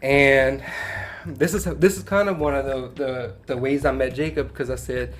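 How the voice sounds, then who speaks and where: A man with a Cajun accent, a podcast guest telling a personal story in a lively, casual way, laughing as he goes and using Southern turns of phrase. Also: mid-range voice, normal speed, soft background music. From Louisiana bayou country.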